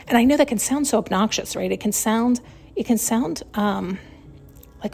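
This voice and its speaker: A woman's voice: mid-range voice, moderate pace, creaky, darkish tone. A woman hosting a podcast, talking in a rambling, blunt, casual self-help monologue and swearing freely. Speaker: podcast host.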